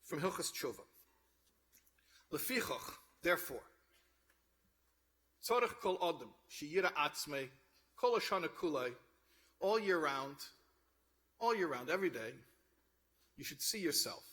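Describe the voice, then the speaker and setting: A man's voice: a little high, very animated, measured pace, pauses often, sharp tone. A man giving a sermon, telling a story and then urging his listeners on with rising fervor. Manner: storytelling, rising to fervent exhortation. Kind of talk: sermon with told joke.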